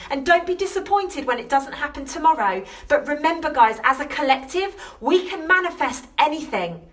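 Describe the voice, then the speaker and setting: A woman's voice: high-pitched, lively intonation, normal speed, few pauses, fairly bright tone, distant mic. A woman from the UK hosting a live stream as a self-love coach. She talks straight to her viewers, earnest and emotional, and repeats her questions over and over. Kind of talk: impassioned motivational live stream. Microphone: phone or webcam on a social live stream.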